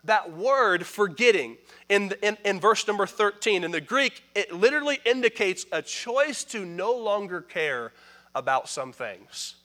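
A male pastor preaching with a high, ringing voice. His delivery is emphatic, darting between hurried asides to the congregation and drawn-out, forceful declarations. He calls out for responses from the pews. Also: very animated. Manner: emphatic preaching that swings from quick asides to loud pronouncements. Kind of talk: sermon.

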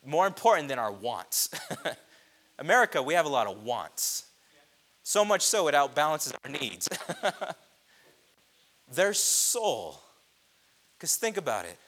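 A man preaching a sermon, impassioned, swelling loud on repeated phrases. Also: a little high, very animated, slow pace, long pauses. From grew up on a reservation.

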